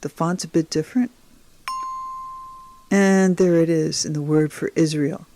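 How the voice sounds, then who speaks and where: Her deep, steady, mellow voice takes its time, with a little background noise audible. She's a Hebrew teacher patiently narrating beginner slides, speaking straight to the viewer with encouragement.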